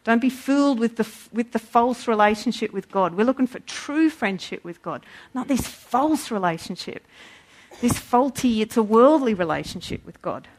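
A woman preaching a sermon in an animated way, acting out voices when she quotes. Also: fairly high pitch, moderate pace.

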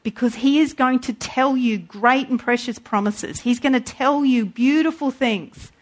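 A woman preaching a sermon in an animated way, acting out voices when she quotes. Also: sits high, measured pace.

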